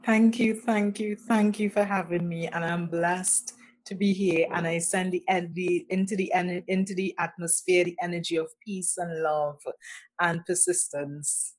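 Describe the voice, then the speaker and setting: A middle-aged woman with a Trinidadian accent shares her story on a podcast. She speaks earnestly and at a measured pace, in a slightly low voice. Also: steady tone, darkish tone. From Trinidad and Tobago. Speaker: podcast guest. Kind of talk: personal storytelling.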